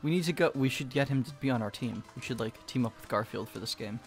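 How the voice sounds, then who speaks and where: Excitable teasing young man gaming. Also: mid-range voice, fast, soft background music. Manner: excitable, teasing, prone to sudden shouts. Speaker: co-player. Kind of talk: casual gameplay commentary.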